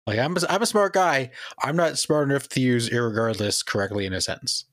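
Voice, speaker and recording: A man's voice: medium pitch, brisk, a bit bright, no echo, studio quality. A man co-hosting a casual podcast, easygoing and self-deprecating as he chats. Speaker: podcast co-host. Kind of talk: casual chat.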